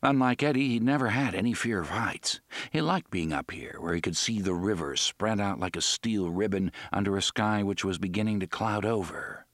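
A man narrating an audiobook in a measured, dramatic storytelling manner. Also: fairly low pitch, a bit bright, no room sound, clean studio sound.

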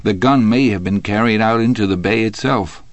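A man voicing a calm, reserved male defendant who answers in a quiet, measured way. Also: fairly low pitch, no room sound, natural voice.

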